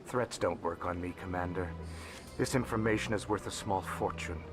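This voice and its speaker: A man gives voice to a composed alien information broker from a video game. He speaks low and deliberately, weighting single words for effect. Loud game music runs beneath him. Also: natural voice. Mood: measured. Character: male alien information broker, calm and measured. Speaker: game character.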